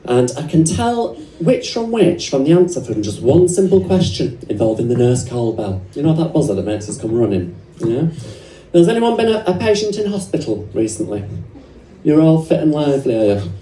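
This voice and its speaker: A stand-up comedian with an English accent performs in character as a brassy, cheeky nurse, aiming bawdy jokes at the audience from a comedy club stage. Her low, dark voice is sing-song and brisk with a little hiss or hum, captured from far off in a roomy live venue amid crowd laughter.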